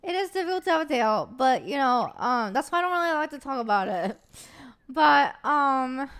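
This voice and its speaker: A woman's voice: high-pitched, very animated, moderate pace, fairly bright tone. A woman streamer in casual livestream chat who talks straight to her chat in a chatty, giggly way.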